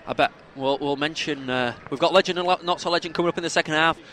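Fast-talking jokey man. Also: on the high side, pushed and bright. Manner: jokey, swearing, mimics people. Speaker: football podcast co-host. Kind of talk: casual banter commentary.

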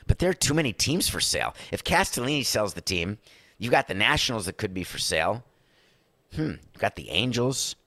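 A man's voice: lowish voice, fairly bright tone, dry recording. A male podcast host giving sarcastic sports business commentary, often acting out the people he quotes.

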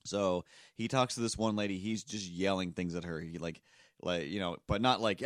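Man, low-pitched, dry close mic, casual rambling podcast host. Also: steady tone, normal speed, no room sound. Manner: rambling, self-deprecating, acts out voices in stories. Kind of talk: casual chat, storytelling.

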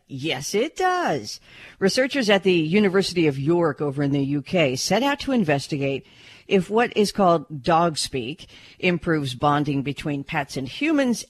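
A woman reporter delivers a pet news segment on a radio show. Her pitch moves a lot, and the dry, close sound keeps the room out of it. Her talk is loose and chatty. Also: dry recording. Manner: chatty, laughs while reading news. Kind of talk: radio news update with chat.

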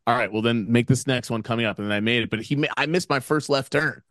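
A man co-hosting a podcast who tells stories in an excitable, rambling way with plenty of swearing. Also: medium pitch, fast, no room sound, clean studio sound. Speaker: podcast co-host. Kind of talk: casual chat.

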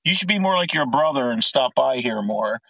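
Male caller, 50s, medium pitch, dry. Casual, joking storyteller on an online call. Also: animated, brisk, fairly bright tone, dry recording, rough recording. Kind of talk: casual chat.

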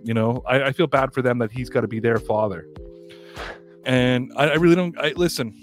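A man's voice: mid-range voice, brisk, faint music behind. Profane, heated male podcast host. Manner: profane, heated, emphatic ranting. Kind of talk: casual sports podcast rant.

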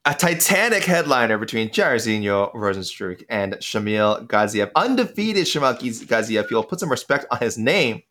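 A young man co-hosting a casual sports podcast, reading out listener picks quickly with lots of fillers and restarts. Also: medium pitch, big pitch swings, fairly bright tone, a little hiss or hum. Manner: quick, rambling, self-interrupting with many fillers.

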